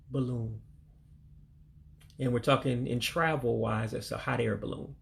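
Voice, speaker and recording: A man from the United States leading a casual vocabulary lesson, slowly and carefully repeating foreign words and explaining them plainly. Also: mid-range voice, fairly even intonation, creaky. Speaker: language learner teaching vocabulary.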